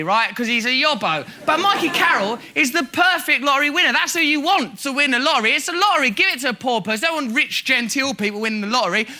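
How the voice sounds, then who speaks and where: A man hosting a comedy show, delivering a mocking, animated monologue to a live audience. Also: very high-pitched, slight background noise. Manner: animated, mocking, rapid asides. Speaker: comedy host.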